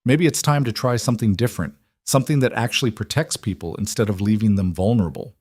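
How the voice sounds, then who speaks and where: A man's voice: lowish voice, quick pace, darkish tone, slightly rough, no room sound, clean studio sound. A man voicing an earnest townsman in a western story, speaking persuasively.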